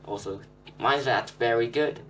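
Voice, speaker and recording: A man's voice: medium pitch, measured pace, a bit bright. A young man rambling through an unscripted phone review, with many fillers and restarts. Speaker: tech reviewer. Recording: slightly distant with faint hum.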